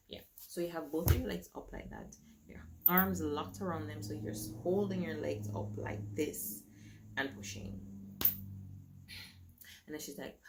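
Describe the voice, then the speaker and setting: A woman telling her own story to camera in a casual, animated way, acting out what others said to her. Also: low-pitched, vocal fry, noisy background.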